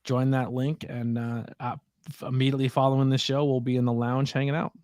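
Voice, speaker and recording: A man's voice: mid-range voice, flat delivery, fairly quick, a little mellow, no echo, clean studio sound. Chatty man telling a story. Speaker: wrestling commentator. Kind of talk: casual livestream chat.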